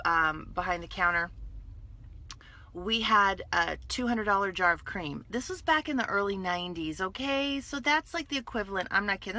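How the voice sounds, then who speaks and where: A woman in her fifties from California, chatting casually on a livestream, playful and animated, greeting viewers by name. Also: mid-range voice. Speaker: livestream host selling skincare. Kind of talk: casual Facebook Live chat.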